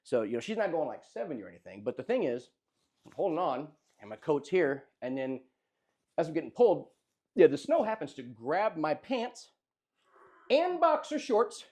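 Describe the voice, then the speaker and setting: A young man telling a funny story in casual chat, animated and often laughing as he acts out what people said. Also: on the high side, normal speed. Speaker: podcast host telling a story.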